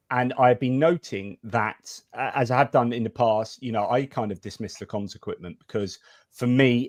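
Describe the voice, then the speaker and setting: A man's voice: on the low side, a little mellow, no room sound, studio quality. A man hosting a livestream, chatting casually with many fillers and restarts as he reads donor messages and asks questions. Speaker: livestream host.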